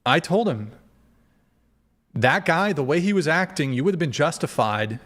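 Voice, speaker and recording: A man's voice: a little high, sing-song, moderate pace, a bit bright. A man hosting a podcast, chatting casually and rambling with many fillers while reacting to a clip. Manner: rambling, filler-heavy, restarts. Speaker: podcast host.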